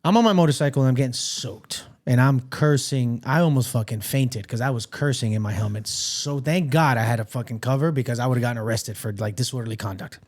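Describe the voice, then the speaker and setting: A young man co-hosts a casual podcast, his voice sitting in an ordinary middle pitch. He tells stories with animated, profane energy and keeps the talk loose. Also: a little fast, hardly any pauses. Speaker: podcast co-host. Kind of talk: casual chat.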